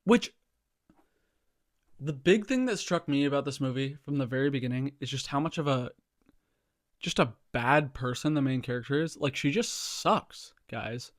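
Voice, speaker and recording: A man's voice: medium pitch, lively intonation, moderate pace, no room sound, studio quality. A man ranting casually about a movie to his viewers, exasperated and profane, rambling with lots of fillers and calls of "guys". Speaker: vlogger reviewing a movie. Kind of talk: casual rant to camera.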